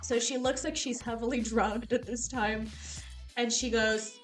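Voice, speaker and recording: A young woman chatting casually with live viewers, telling stories with animated, loose delivery and casual swearing. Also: on the high side, a little slow, faint music behind. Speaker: casino streamer.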